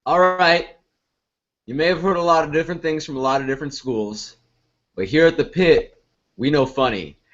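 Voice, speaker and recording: A man's voice: on the high side, moderate pace, pauses often, fairly bright tone, natural voice. A man playing a bossy, blustering improv teacher who berates his students in a comedy sketch. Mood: lecturing. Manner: bombastic, berating, barking insults. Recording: lo-fi recording.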